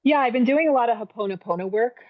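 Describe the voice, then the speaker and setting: A woman's voice: a little high, quick pace. Woman speaking over dull call audio. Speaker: call participant. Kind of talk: casual chat.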